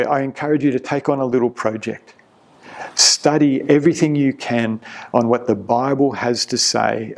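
A man's voice: mid-range voice, gravelly. A man preaching an earnest, emphatic sermon as pastor, often repeating a word as he builds a point.

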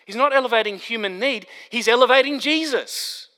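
A man preaching an expository sermon, emphatic, building to stressed points and then dropping low. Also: fairly quick, sharp tone. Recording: long hall reverb.

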